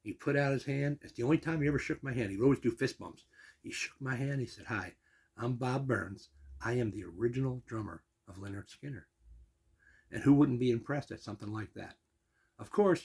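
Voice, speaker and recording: A man's voice: mid-range voice, a little fast, a little mellow. An older man telling a long personal story in a rambling, casual way, full of asides and restarts. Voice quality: gravelly, husky.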